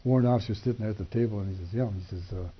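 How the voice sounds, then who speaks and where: An older man telling a personal testimony, acting out the dialogue with animated shifts in voice and chuckling between lines. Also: on the low side, very fast, slightly rough. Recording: dull lo-fi recording.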